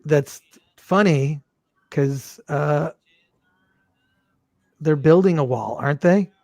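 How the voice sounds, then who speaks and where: A man's voice: fairly high pitch, slow, gravelly, a little mellow, no room sound. A man hosting an online watch party, joking around and reading viewer comments aloud on a video call. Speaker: host. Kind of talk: casual watch-party chat.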